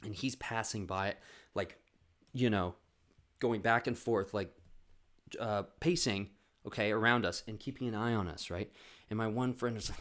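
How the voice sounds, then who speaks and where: Animated Canadian man telling a story. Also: moderate pace. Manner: animated, swearing, acts out voices with big pitch jumps. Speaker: podcast host. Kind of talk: comedic storytelling.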